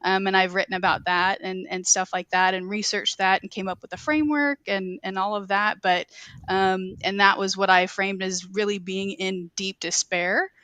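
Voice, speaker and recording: A woman's voice: mid-range voice, fairly even intonation, normal speed, bright, forceful tone, clear, resonant tone, dry recording. A woman guest answering interview questions earnestly, with many ums and you-knows. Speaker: guest, publishing CEO.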